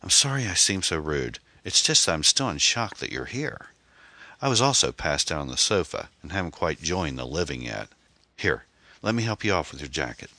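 A man's voice: a bass voice, very animated, normal speed, bright, forceful tone, dry recording, exaggerated voice. A man reading a blunt, hungover man. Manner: blunt, curses. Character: hungover man, roused from sleep, gruff.

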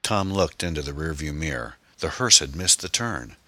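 A male audiobook narrator with an extremely low voice reads an action story in a brisk, dramatic way. His tone is bright and forceful, and his delivery moves lively up and down. The sound is dry and close. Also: no room sound.

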